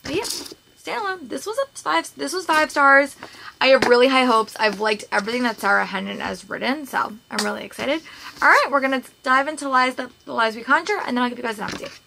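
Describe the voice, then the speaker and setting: A woman's voice: sits high, brisk, creaky, noisy background. A woman chatting casually in a reading vlog at home, rambling a little with fillers and restarts. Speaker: book vlogger.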